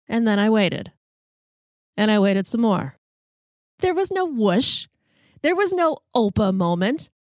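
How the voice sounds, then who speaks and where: A woman's voice: mid-range voice, no echo. Woman host spinning a comic kitchen tale, self-mocking and wry, dry close mic. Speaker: podcast host. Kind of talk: comic personal storytelling.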